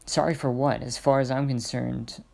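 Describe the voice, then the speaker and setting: A man's voice: mid-range voice, flat delivery, moderate pace, creaky, a little mellow, natural voice. A man voicing a confident young female fighter in a fan-made story, in his own plain reading voice. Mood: reassuring.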